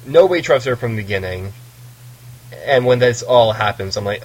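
A man's voice: medium pitch, animated, moderate pace, a little mellow, poor audio. A man co-hosting a casual book discussion, recapping the plot with playful asides. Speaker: podcast co-host recapping a novel.

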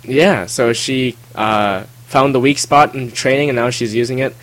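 A man's voice: medium pitch, moderate pace, fairly bright tone, poor audio. A man co-hosting a casual book discussion, asking questions and thinking aloud. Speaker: podcast co-host.

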